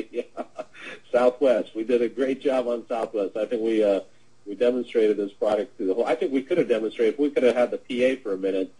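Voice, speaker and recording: A middle-aged man presents a webinar and tells a sales anecdote in a casual, rambling way, with lots of fillers and restarts. His mid-range voice is brisk and dark with a breathy edge. The webinar audio is poor.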